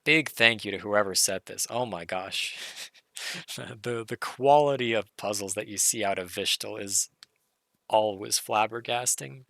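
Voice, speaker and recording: Gravelly man thinking aloud over a puzzle. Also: on the low side, unhurried, dry recording, studio quality. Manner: muttering, self-correcting, excited. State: hoarse. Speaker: puzzle streamer.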